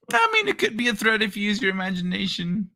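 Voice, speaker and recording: A man's voice: high voice, sharp tone. A man hosting a casual late-night livestream, telling stories with lots of swearing and laughter. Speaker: livestream host.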